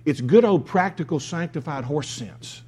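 A man's voice: fairly high pitch, lively intonation, moderate pace, darkish tone, husky. A man preaching a sermon, emphatic, with key phrases repeated. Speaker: pastor.

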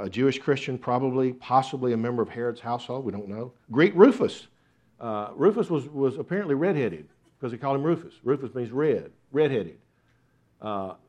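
A man's voice: mid-range voice, darkish tone. A man preaching a sermon, earnest, with repeated rhetorical questions. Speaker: pastor.

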